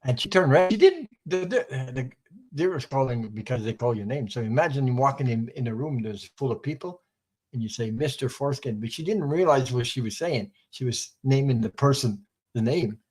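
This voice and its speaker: A man's voice: mid-range voice, lively intonation, moderate pace, a little mellow, poor audio. Older French Canadian man telling stories. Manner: rambling anecdotes, laughs at his own stories. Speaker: guest. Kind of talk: casual storytelling chat.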